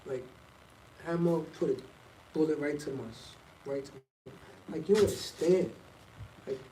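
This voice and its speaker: A man's voice: a little high, unhurried, dark tone, a little hiss or hum. A middle-aged man telling a loose, slangy story in a rambling casual monologue. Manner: loose and rambling, slangy, jumps between topics. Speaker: vlogger. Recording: echoey, from a distance off the mic, faint ambience.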